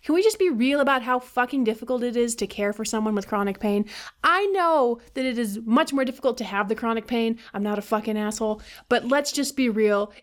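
A woman ranting casually to her viewers in a blunt, profane, rambling way, full of fillers and swearing. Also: a little high. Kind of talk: casual rant to camera.

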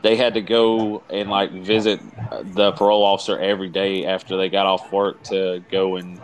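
A man's voice: sits low, little pitch movement, moderate pace, slight background noise, poor audio. A man hosting a casual livestream, explaining things in a rambling way full of fillers. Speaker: stream host.

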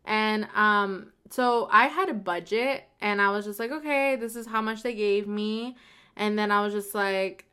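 A woman co-hosting a casual chat, playful and quick to laugh. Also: medium pitch, pushed and bright, smooth. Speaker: co-host.

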